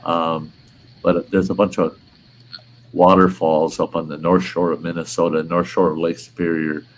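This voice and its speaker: An older man with a lowish voice hosts a relaxed livestream chat. He tells stories bluntly and swears freely, with a faint hum of noise behind him. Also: normal speed, low-quality recording. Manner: blunt, profane storyteller. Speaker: host.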